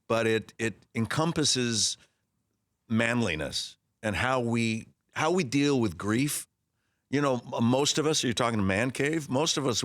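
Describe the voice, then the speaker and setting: A man in his sixties, a guest telling stories in a casual interview, lively and animated, acting out voices in his anecdotes with frequent restarts. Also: medium pitch, no echo, clean studio sound. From Los Angeles area. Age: 60s. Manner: frequent restarts and repeated words. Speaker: actor guest.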